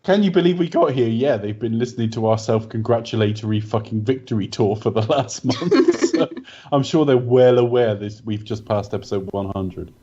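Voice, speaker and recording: A man's voice: mid-range voice, normal speed, dark tone. A man co-hosting a casual film podcast, dry and teasing, swearing freely. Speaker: podcast co-host. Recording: dull lo-fi with faint noise.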